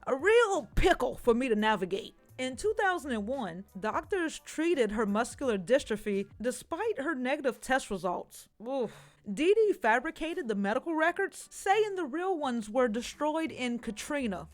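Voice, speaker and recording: A woman's voice: high voice, sing-song, moderate pace, soft background music. A woman telling a true crime story casually, with sassy, profane comic asides.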